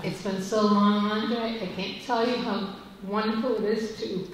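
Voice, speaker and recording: A woman's voice: medium pitch, fairly even intonation, measured pace, a little hiss or hum. A woman in the audience speaking to an old friend in an affectionate, heartfelt way. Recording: echoey hall from far off.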